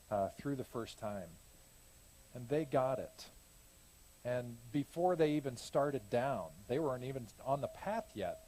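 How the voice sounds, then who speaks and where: A man's voice: medium pitch, dark tone. A man giving a casual, rambling report on a church mission trip, often correcting himself and laughing at his own jokes. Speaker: church mission team speaker.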